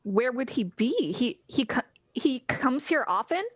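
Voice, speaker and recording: A blunt, sharp-tongued woman adventurer with a dryly sarcastic edge, played by a woman. The sound is dry and close, with no room echo. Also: sits high, lively intonation, a little slow. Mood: wary.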